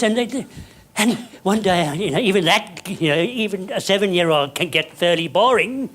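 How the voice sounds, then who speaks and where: An older man, telling a story to an audience in an animated, hammy way that climbs up to shouting. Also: sits high, moderate pace.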